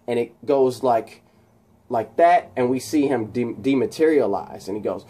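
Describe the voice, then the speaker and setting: Man narrates a movie scene off the cuff, excitable, throws in sound effects, lots of fillers. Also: mid-range voice, unhurried. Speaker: channel host. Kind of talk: casual movie scene recap.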